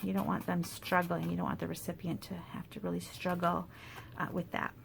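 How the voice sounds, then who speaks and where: A woman demonstrating paper crafts in a casual tutorial, chatty and thinking aloud with soft asides under her breath. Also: fairly low pitch, monotone, a little fast, vocal fry, slight background noise.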